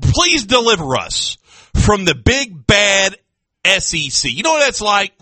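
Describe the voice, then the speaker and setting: A man in his thirties hosting sports talk radio in a studio, ranting loudly and animatedly with frequent laughs. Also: high voice, very animated, a little slow, dry recording.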